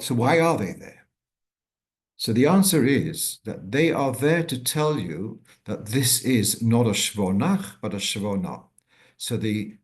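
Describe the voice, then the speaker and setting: An older man, a rabbi, teaching a weekly Torah class in a measured, unscripted way, often pausing and restarting as he thinks aloud. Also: medium pitch, darkish tone.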